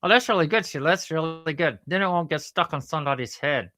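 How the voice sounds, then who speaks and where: A woman's voice: sits low, fast talker, fairly bright tone, soft background music. A woman doing a ventriloquist voice for a cheeky male puppet platypus who teases her by name. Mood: teasing. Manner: teasing, keeps calling her by name.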